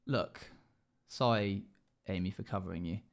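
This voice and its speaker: His voice sits low and gravelly, and he takes his time. Streaming live as a dungeon master, he chats casually with his viewers, reacting to them emotionally and wandering off on tangents.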